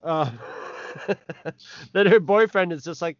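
Slow and rambling, a podcast co-host chuckles his way through a casual film review. His voice is on the high side, dry, and carried by dull, lo-fi podcast audio.

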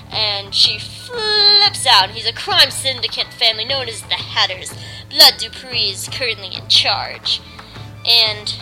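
A woman's voice: mid-range voice, sharp tone, poor audio. A young adult woman hosting a podcast, retelling a story in a bubbly, chatty way full of filler words. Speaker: podcast host. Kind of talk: casual review chat. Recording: music playing behind.

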